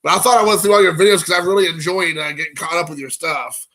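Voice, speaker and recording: Man, casual live stream host, excitable, rambling, high voice, bright. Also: fast. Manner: excitable, rambling, talks to viewers by name. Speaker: card collecting channel host.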